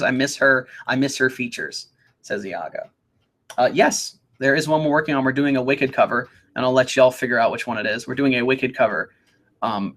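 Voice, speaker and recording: A man's voice: mid-range voice, fairly bright tone. A young man hosting a casual live Q&A, chatting upbeat as he reads out viewer questions. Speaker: host.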